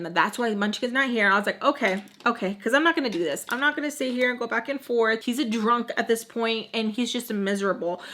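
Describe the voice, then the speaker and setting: A young woman in her twenties telling a casual storytime about her nanny job, chatty and animated, acting out what people said. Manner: chatty, animated, acts out quotes in a higher voice.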